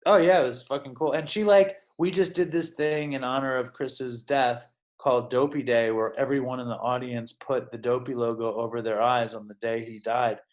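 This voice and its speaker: A man's voice: mid-range voice, fairly even intonation, normal speed, hardly any pauses. A man talking as a podcast guest in casual storytelling mode. He rambles from one anecdote to the next, swears freely and leans on "like" constantly. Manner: rambling, profane, full of "like".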